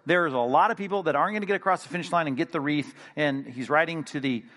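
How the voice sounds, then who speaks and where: A male pastor preaching a sermon in an animated, emphatic way, with sudden loud bursts. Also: a little high, fast.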